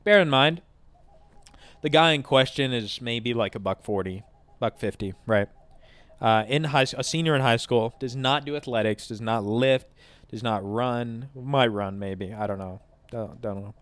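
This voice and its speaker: Smooth-voiced young man telling a story. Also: medium pitch, a little slow, dry recording. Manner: animated, profane, acts out both sides of arguments. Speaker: gaming channel host. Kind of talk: casual storytime over gameplay.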